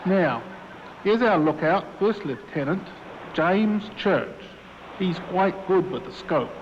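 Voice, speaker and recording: A man's voice: high-pitched, animated, slow pace, slight background noise. Man playing a pompous ship's admiral. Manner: pompous, bellowing mock-naval bluster. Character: hearty male ship's admiral with mock Australian twang. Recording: dull, echoey hall playback.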